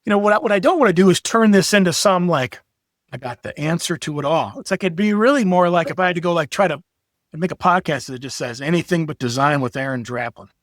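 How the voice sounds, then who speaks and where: A middle-aged man talking as a podcast guest, telling lively stories with swearing and acted-out quotes. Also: sits high, fast talker, no echo, clean studio sound. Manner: animated storyteller, profane, acts out quotes. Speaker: podcast guest, graphic designer. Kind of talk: casual chat.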